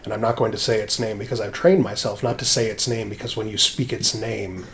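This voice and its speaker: A man's voice: fairly low pitch, fairly quick, fairly bright tone, a little hiss or hum. Dry-joking man co-hosting a podcast. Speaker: podcast co-host. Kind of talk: casual chat.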